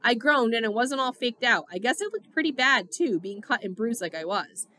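Bright-voiced woman reading a novel aloud. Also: on the high side, normal speed, no room sound. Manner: expressive storytelling. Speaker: audiobook reader.

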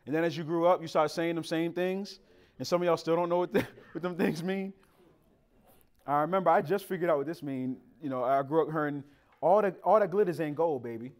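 Preaching as pastor, a man with a voice on the high side and a fairly quick delivery shares comical stories about his family. His manner is animated and colloquial, and he speaks directly to his congregation.

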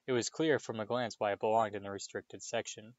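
A man reading a novel aloud in a steady storytelling manner, giving the characters voices. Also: fairly low pitch, brisk, no room sound, dull audio. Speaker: reader.

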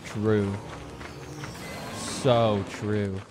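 A man's voice: fairly low pitch, flat delivery, extremely slow, background noise. A man streaming a game and chatting with friends in a casual, joking way, swearing freely. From Pacific Northwest. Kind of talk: casual gaming chat with friends.

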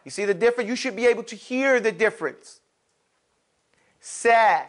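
A man with a high, bright voice leads a classroom lesson on pronouncing letters. He talks to his students in an animated way and exaggerates each sound so the room can copy it. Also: quick pace. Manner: animated, demonstrates sounds with exaggerated mouth shapes. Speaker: Arabic pronunciation teacher.

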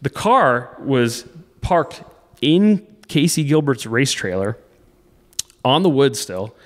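A man in his thirties, a podcast guest, telling an emotional personal story in a halting, intense way with frequent restarts. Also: mid-range voice, in a large hall. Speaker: podcast guest, off-road racer.

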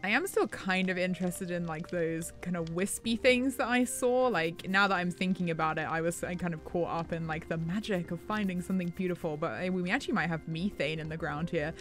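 A woman's voice: lowish voice, a little fast, hardly any pauses. A woman narrating a Minecraft horror role-play in character, wonder-struck and breathless, slipping into panic. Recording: faint music underneath.

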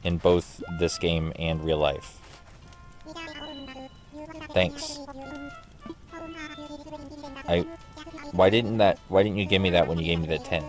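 A man with a very deep voice rambles through a casual let's play commentary. He talks in a sarcastic, offhand way and swears freely, with faint music under him. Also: steady tone, slow pace, long pauses. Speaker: gaming streamer.

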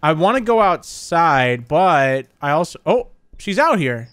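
A young man hosting a horror game let's play, excitable and chatty, talking to his viewers and saying dude a lot. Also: a little high, measured pace, clean tone, dry recording. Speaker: gaming channel host.

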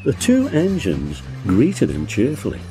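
Low-voiced man reading a storybook. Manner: measured, expressive. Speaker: narrator. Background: background music.

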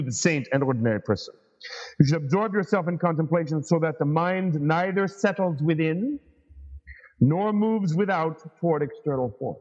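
A man with a somewhat high, husky voice gives a teaching talk, telling stories with lots of casual asides. His voice carries a long reverb tail. The sound is dull and lo-fi. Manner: lively storyteller, chatty asides with "you know". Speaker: Buddhist studies professor and podcast host. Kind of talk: teaching talk, reading and explaining a sutra.

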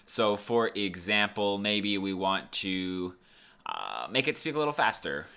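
Laid-back man hosting a software tutorial. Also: fairly low pitch, sing-song, measured pace, creaky, clear, resonant tone. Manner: laid-back, rambling with fillers. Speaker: tutorial host. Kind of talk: casual screen-recorded software tutorial.

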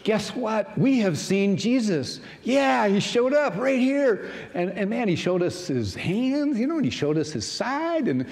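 A male pastor voicing excited disciples, slangy and breathless, in a much higher voice than his own. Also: unhurried, gravelly, few pauses, exaggerated voice. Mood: gushing. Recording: long church hall reverb.

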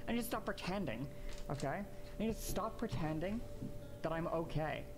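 Woman, fed-up repetitive complainer, lowish voice, music bed underneath. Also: expressive, moderate pace. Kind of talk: monologue in a played clip.

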